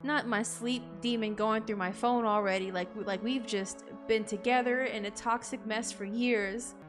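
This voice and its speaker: A young adult woman playing a game on camera, reading its text aloud and reacting in an expressive, jokey way, with bursts of loud disbelief. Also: a little high, normal speed, music in the background. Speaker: gaming content creator.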